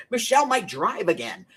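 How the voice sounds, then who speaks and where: A woman's voice: fairly low pitch, fairly bright tone, husky. An older woman, a grandmother hosting a crafting live stream, talking bluntly and rambling straight to her viewers. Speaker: crafting channel host. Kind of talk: casual livestream chat.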